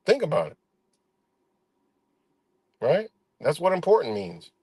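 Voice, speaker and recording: A middle-aged man from Rochester, New York, talking in a casual, profane, rambling livestream monologue and telling an animated story. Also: on the high side, takes it slowly, husky, no room sound. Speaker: live stream host.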